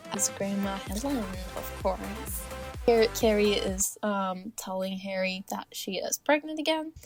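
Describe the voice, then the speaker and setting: Young woman doing casual game commentary, laughs a lot, keeps correcting herself. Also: mid-range voice. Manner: giggly, rambling, many fillers and self-corrections. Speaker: gaming channel host.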